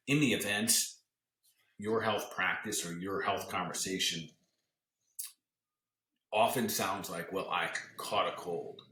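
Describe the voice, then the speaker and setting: A man's voice: sits low, bright, forceful tone, reverberant, rough recording. A male podcast host and doctor giving an earnest, motivational health talk, coaching listeners and often restarting his sentences.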